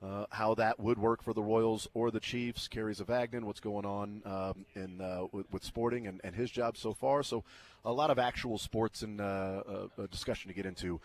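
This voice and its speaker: A man's voice: on the low side, steady tone, moderate pace. A middle-aged man hosting a sports radio show. He tells a loose story in a casual way and fills it with lots of ums and uhs. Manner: rambling, filler-heavy, laughs through his stories.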